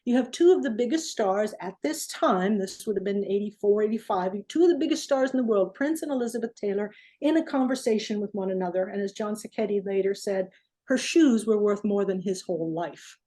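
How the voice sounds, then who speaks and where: Mellow-voiced woman telling a story. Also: medium pitch, brisk. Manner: animated storyteller, acts out quotes. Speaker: guest, recording engineer. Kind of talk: storytelling in an interview.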